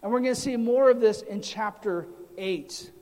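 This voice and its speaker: A man, a pastor, teaching a sermon in a deliberate way, his voice trailing off quietly at the ends of phrases, in a church sanctuary. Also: high-pitched. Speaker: pastor teaching a Bible study. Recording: long reverb of a large hall.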